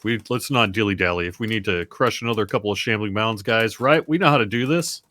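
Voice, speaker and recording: A man's voice: on the low side, quick pace, hardly any pauses, sharp tone. A man playing a tabletop game, chatting casually with a wry, take-charge manner. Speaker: player.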